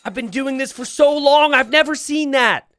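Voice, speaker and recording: A man hosting casual gameplay commentary, excitable and quick to laugh, chatting with his viewers and asking them questions. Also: very high-pitched, dry recording. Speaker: game commentator and channel host.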